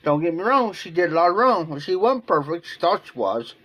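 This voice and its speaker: A man's voice: high voice, big pitch swings, brisk, a bit bright. A man from Ohio talking casually on a livestream in a rambling, emotional way, often repeating himself. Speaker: live streamer.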